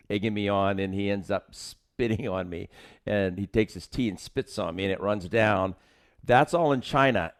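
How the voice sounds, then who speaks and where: A man co-hosting a martial arts podcast, telling film-set anecdotes in casual chat and acting out the quotes with laughter. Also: lowish voice.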